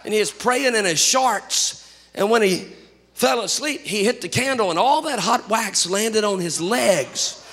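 A man preaches in a high, gravelly voice, telling lively stories and building to shouted lines. The sound carries a long reverb from a church hall. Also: measured pace. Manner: animated storytelling preacher, rising to shouts. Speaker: pastor. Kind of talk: sermon.

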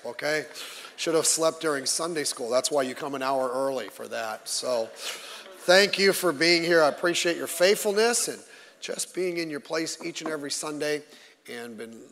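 A man's voice: on the high side, fairly bright tone. Man preaching in a reverberant church. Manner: conversational with jokes to the congregation. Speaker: pastor. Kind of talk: sermon. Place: church sanctuary. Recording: long reverb of a large hall.

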